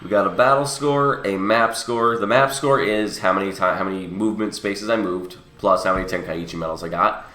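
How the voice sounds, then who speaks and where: Brisk, with hardly any pauses, a young man speaks in a low-pitched, bright, forceful voice that sounds roomy. This gaming channel host has a cold, sniffly and a bit under the weather, and casually explains a mobile game to viewers while correcting himself.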